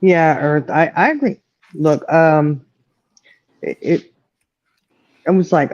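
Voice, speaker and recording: A man's voice: fairly high pitch, slow, a little mellow, no room sound. A man hosting a casual livestream chat, angry and profane, holding back tears. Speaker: livestream host. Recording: dull lo-fi mic.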